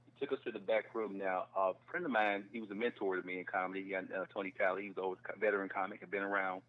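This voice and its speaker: A comedian in casual conversation tells a long story with energy, slipping into the voices of the people in it. His voice sits low. The recording is muffled and lo-fi. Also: racing. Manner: animated storyteller, acts out quotes. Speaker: guest comedian.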